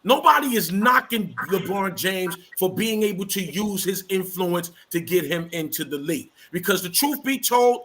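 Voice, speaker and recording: A man's voice: high voice, animated, moderate pace, hardly any pauses, sharp tone, slight background noise. A man, a bishop on a sports panel, making his case emphatically in a heated casual debate and insisting on finishing his point.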